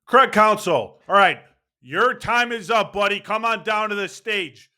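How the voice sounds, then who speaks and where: In a high, sharp-toned voice, a man delivers ranting sports commentary as a baseball fan, speaking a little slowly. He's furious and sarcastic over his team's defeat and swears as he goes.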